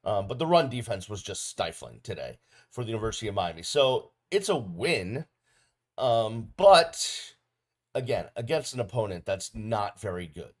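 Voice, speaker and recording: A man's voice: lowish voice, normal speed. A middle-aged man hosting a podcast, giving a casual solo game recap with plenty of ums and uhs. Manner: casual, relaxed delivery with frequent ums and uhs. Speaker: podcast host. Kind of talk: solo sports recap video.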